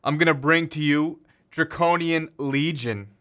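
With a somewhat high, slightly bright voice and an unhurried delivery, a man hosts a metal radio show from a small station studio. His casual patter is loose, full of fillers and self-corrections as he introduces tracks.

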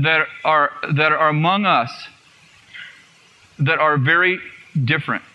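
A man's voice: fairly high pitch, highs cut off. A man preaching a sermon to a congregation, earnest and repeating phrases for emphasis. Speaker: guest preacher.

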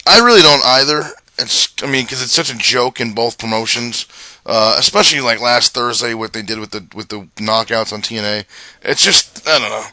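Man, podcast co-host, casual ranter, bright tense tone, close dry mic. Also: mid-range voice, normal speed, no room sound. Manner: rambling, ranting with many fillers. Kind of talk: casual chat.

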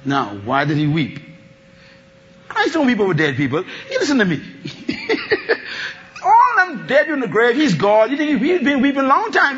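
A man preaching a sermon as pastor, animated, swinging between shouts and low asides and laughing often. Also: muffled recording.

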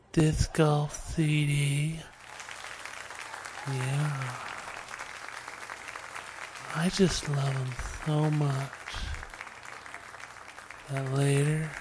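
A performer voicing a flirty woman teasing the host, speaking slowly and suggestively. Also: medium pitch, a little mellow, a little hiss or hum. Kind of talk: comedy skit.

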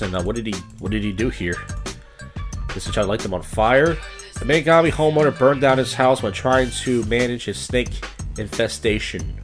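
Sardonic rambling podcast host, man. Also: medium pitch. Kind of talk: casual comedic news commentary.

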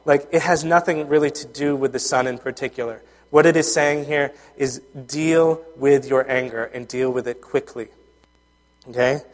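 A man's voice: medium pitch, steady tone, normal speed. Male pastor, conversational sermon, mid-range voice, reverberant hall sound. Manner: earnest, conversational, with frequent fillers and restarts.

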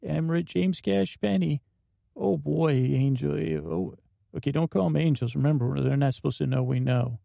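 A man's voice: a little high, moderate pace, vocal fry, mellow, no room sound, studio quality. A man voicing a goofy, eager grown man with a folksy, chirpy manner in an improvised comedy scene. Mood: giddy. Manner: folksy, chirpy, says buckaroos and bucko.

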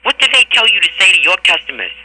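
A man's voice: high voice, sing-song, fast, sharp tone. A man making a prank phone call, accusing and needling with mock indignation, heard over a tinny phone line. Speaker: prank caller.

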